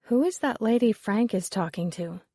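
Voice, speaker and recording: A woman's voice: fairly high pitch, lively intonation, normal speed, mellow, no echo, studio quality. A woman reading the lines of a curious young woman newcomer in an audiobook, with a mild, inquisitive delivery.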